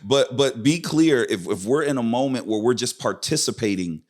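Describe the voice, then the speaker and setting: A man's voice: mid-range voice, expressive, moderate pace. A man who is a pastor, speaking as a podcast guest in an emphatic, preacher-like rhythm and repeating his key phrases for weight. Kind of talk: conversational podcast interview.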